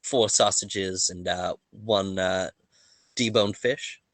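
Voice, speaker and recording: A man's voice: low voice, steady tone, a bit bright, no room sound. A man playing a flustered young waitress. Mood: helpful. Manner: hesitant, polite, halting.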